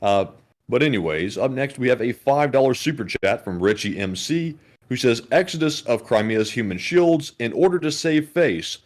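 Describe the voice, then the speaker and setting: A man co-hosting a live stream, reading viewer messages in a deliberate way while adding inflection to avoid monotone. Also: medium pitch.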